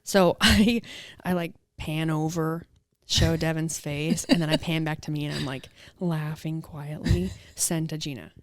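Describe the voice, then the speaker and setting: A woman co-hosting a podcast tells a funny story in a casual chat. Her voice is smooth and clear, recorded close and dry. She acts out the quotes as she goes. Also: deep voice, steady tone, a little slow, no echo. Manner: says "dude" and "like" a lot. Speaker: podcast co-host.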